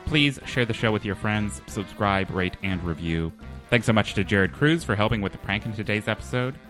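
A man hosting a comedy podcast, talking hesitantly with many fillers and a deadpan manner. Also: lowish voice, normal speed, soft background music. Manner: hesitant, lots of ums and restarts, deadpan. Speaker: podcast host. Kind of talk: casual comedy podcast chat.

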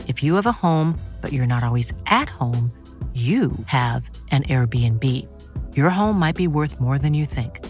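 Low-voiced woman doing a friendly ad read over faint music. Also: expressive, unhurried, darkish tone. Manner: friendly, personal testimonial.

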